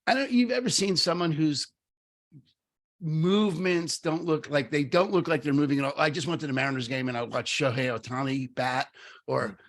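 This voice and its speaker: Animated man in casual podcast chat. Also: fairly high pitch, moderate pace. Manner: animated, lots of fillers and restarts, acts out quoted voices. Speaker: podcast co-host. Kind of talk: casual conversation with storytelling.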